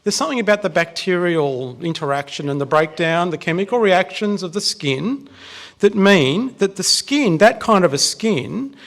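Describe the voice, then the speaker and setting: High, gravelly Australian male preacher. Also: expressive, moderate pace. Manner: chatty, joking with the congregation. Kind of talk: casual sermon. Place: church.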